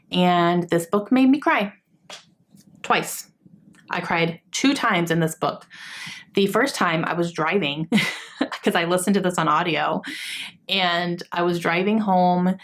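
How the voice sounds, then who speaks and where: A young adult woman giving a casual, gushing book review as a vlogger, chatty with many fillers. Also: lowish voice.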